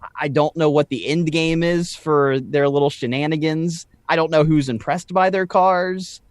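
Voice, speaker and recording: A man's voice: a little high, steady tone, moderate pace, clean tone, no room sound. A man co-hosting a podcast, giving wry, exasperated commentary with stammered restarts. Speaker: podcast co-host. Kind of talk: casual chat.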